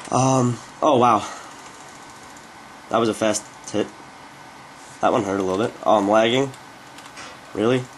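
Low-voiced young man, rambling game commentary. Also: normal speed, pauses often, slight background noise. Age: young adult. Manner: rambling and offhand, with frequent "uh" fillers. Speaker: gaming commentator. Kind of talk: casual gameplay commentary.

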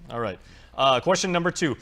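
A man's voice: mid-range voice, expressive, bright, forceful tone. A man hosting a TV talk show, interviewing guests in a casual, joking way. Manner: fast-talking, joking with guests.

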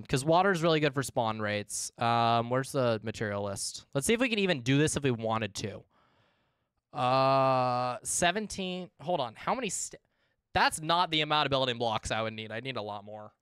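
A young man chatting casually to his viewers while playing a game on a livestream, animated and quick to swear. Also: medium pitch, clear, resonant tone, dry recording, studio quality. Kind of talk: casual gaming stream chat.

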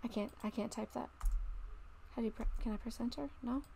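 Woman, middle-aged, gravelly voice, horror game commentary, jumpy, talks to herself, whispers when tense. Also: on the high side, fairly even intonation, a little fast, warm tone, a little hiss or hum. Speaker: gamer playing a horror game. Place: at home.

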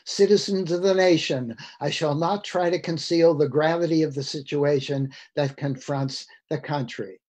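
A man voicing a male government official who addresses the nation in a slow, solemn, intoning way. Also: fairly high pitch, fairly even intonation, darkish tone, lightly acted.

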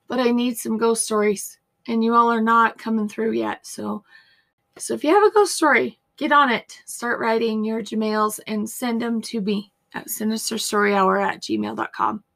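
A woman podcast host chatting casually at a home mic, her voice hoarse and gravelly from a long week of talking. She sits a bit high in pitch, rambles through asides, and keeps thanking her listeners. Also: a bit bright. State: hoarse, partly lost voice. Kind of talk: casual chat.

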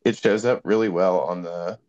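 A man's voice: sits low, normal speed, darkish tone, lo-fi sound. A young man telling a story in a casual, rambling way full of fillers, heard over a video call. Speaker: panel guest.

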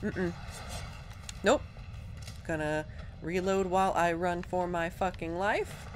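Woman let's-play host, lowish voice, talking through her game in a chatty, self-mocking way. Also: steady tone, slow pace, a little hiss or hum. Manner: chatty, self-deprecating, thinks aloud. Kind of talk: casual gameplay commentary.

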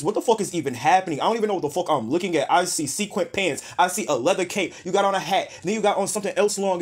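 Male fashion roaster, fairly high voice, blunt and foul-mouthed, exasperated rants. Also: lively intonation, very fast, hardly any pauses, breathy edge. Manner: blunt, profane, exasperated rants with repeated name calls. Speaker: fashion critic. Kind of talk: profane red carpet roast.

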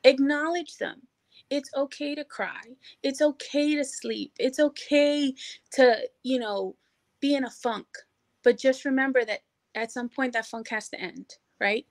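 A middle-aged woman speaking as a guest on an interview show, energetic and encouraging, with lots of "you know" fillers. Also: high-pitched, unhurried, no room sound. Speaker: podcast guest, hospitality professional. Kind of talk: casual interview chat.

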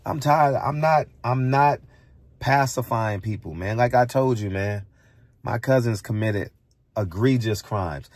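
A blunt middle-aged man from the United States preaches in a heated monologue, hammering his points with rhetorical questions. His voice sits at an ordinary pitch and is recorded dry and close, with no room echo. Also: measured pace, a little mellow. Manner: blunt, preachy, repeats for emphasis. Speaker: barbershop commentator.

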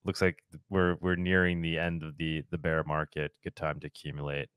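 A man's voice: extremely low pitch, flat delivery, moderate pace, fairly bright tone, clean tone, dry recording. A man hosting a casual livestream, jovial and upbeat, thanking his guest and urging listeners to share the stream. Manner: jovial and upbeat, calls people buddy. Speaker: show host.

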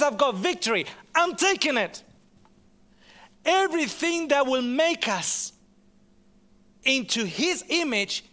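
A man delivering a sermon in a high, bright voice. He preaches with passion, repeating phrases for effect and dropping from loud to hushed and back. He speaks to a live audience in a hall.

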